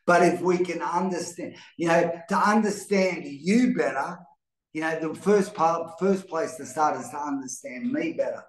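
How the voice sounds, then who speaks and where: A man's voice: a little high, normal speed. A middle-aged man hosting a live motivational talk, earnest and rambling, often restarting his words. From Australia. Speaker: host. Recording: roomy echo.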